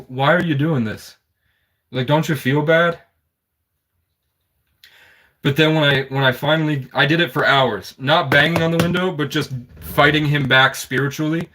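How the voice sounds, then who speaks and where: A man's voice: a little high, sharp tone. A man telling a personal story in an intense, rambling, conspiratorial monologue.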